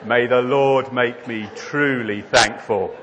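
A man's voice: mid-range voice, steady tone, slow pace, dull audio, background noise, natural voice. A man doing a grizzly bear saying grace. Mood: solemn. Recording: long hall reverb.

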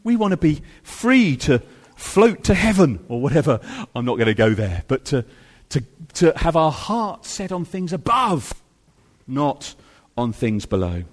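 A man's voice: a little high, sing-song, measured pace. Man preaching a sermon in a reverberant hall. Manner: emphatic, repeats phrases, swings from soft to loud.

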